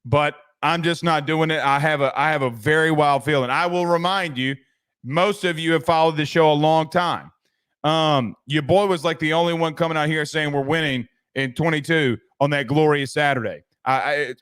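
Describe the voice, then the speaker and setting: A man's voice: on the high side, normal speed, a bit bright, clean tone. A man hosting a sports podcast, chatting loosely and reading viewer comments, with frequent restarts and casual swearing.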